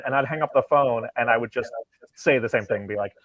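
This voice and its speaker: A man, a comic writer, telling stories in an interview and acting out quoted conversations in a lively way. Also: medium pitch, fast, no room sound. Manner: animated, acts out quoted dialogue.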